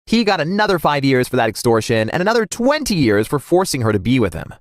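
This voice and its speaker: A man narrating a scripted first-person story in a dramatic, animated way. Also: mid-range voice, fast talker, no room sound, studio quality.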